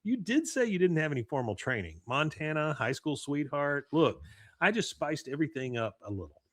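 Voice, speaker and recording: A man voicing a slick, fast-talking male art dealer with a smooth salesman patter. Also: a little high, sing-song, no room sound, studio quality. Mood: salesy.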